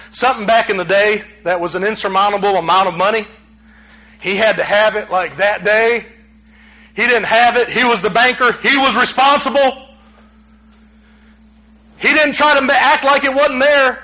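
A man preaching a sermon in a very high, forceful, bright voice. He tells stories with lively animation and sometimes acts out the quotes. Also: low-quality recording. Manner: animated storytelling with acted quotes, rising to near shouts.

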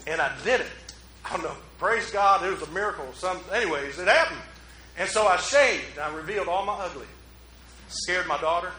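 A man preaching a relaxed, conversational sermon as pastor, joking at his own expense and drawing in the congregation. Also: high-pitched, brisk, a little hiss or hum. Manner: joking, self-mocking, talks with the congregation. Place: church. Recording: roomy hall echo.

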